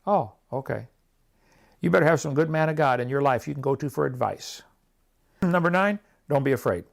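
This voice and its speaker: Gravelly-voiced man preaching a sermon. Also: on the high side, a little fast. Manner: animated storytelling, acts out prayers and quotes.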